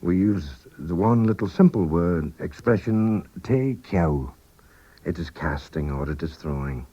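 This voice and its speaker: Deep, husky man teaching slowly. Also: lively intonation, mellow. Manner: careful, repeats each phrase slowly then at normal speed. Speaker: language teacher and presenter. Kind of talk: scripted radio language lesson. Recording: dull 1980s radio recording.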